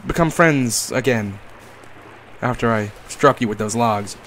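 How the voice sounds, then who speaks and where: A young man giving comedic gameplay commentary, playful and crude, swinging from mock-tender talk to yelling and swearing. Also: medium pitch, measured pace, a little hiss or hum. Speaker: gaming YouTuber.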